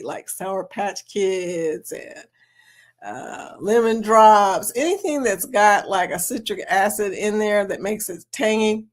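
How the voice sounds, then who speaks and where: A woman hosting a casual livestream chat, reading viewer comments aloud and laughing often. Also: medium pitch. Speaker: livestream host.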